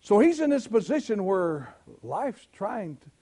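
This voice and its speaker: A middle-aged man with a Southern US accent preaching a sermon, telling folksy stories and swelling into shouts. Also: high-pitched, big pitch swings, measured pace. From Southern United States. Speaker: pastor.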